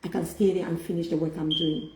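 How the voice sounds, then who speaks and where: A middle-aged woman telling a personal story in a casual faith-based chat, animated and often laughing as she quotes herself. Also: lowish voice, fast, noisy background. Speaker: host. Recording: echoey room.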